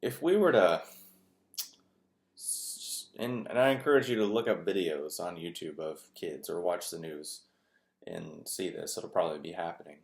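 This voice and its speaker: In an echoey room, a male video host with a low, creaky voice talks at normal speed. His monologue is casual and rambling, heavy on fillers and conversational in tone.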